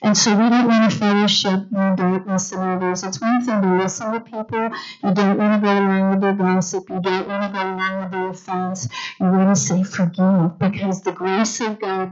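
A middle-aged woman teaching a Bible lesson in an animated sermon style, calling on the congregation to answer. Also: mid-range voice, normal speed, faint music behind. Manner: animated, calls for congregation responses. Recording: dull lo-fi recording.

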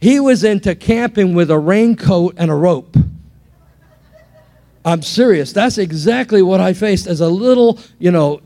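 A pastor from England preaching an animated sermon to a church, telling stories with frequent restarts. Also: male voice, high voice, a little slow.

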